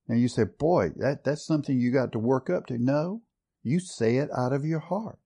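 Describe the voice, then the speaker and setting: A man's voice: medium pitch, lively intonation, normal speed, dark tone, breathy edge. A man preaching a sermon earnestly, building to strong stress on key words. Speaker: pastor.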